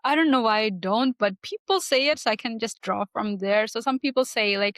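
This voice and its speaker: A woman talking as a podcast guest, thoughtful and searching for her words, with small soft laughs. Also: fairly high pitch, brisk, few pauses, no echo. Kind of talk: reflective conversation.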